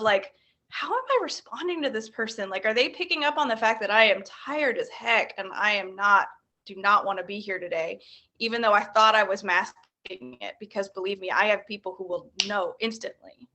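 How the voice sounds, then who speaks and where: A woman's voice: mid-range voice, sharp tone. A woman sharing her thoughts in a casual group discussion, earnest and full of "like" fillers. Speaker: fellowship member sharing.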